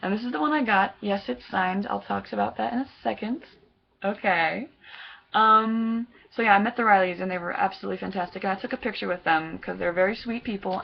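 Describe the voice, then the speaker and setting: Young female fan vlogger, casual and gushing, rambles excitedly; voice has a gravelly fry, recorded on a dull lo-fi camera. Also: mid-range voice. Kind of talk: casual chat recounting a concert meet-up.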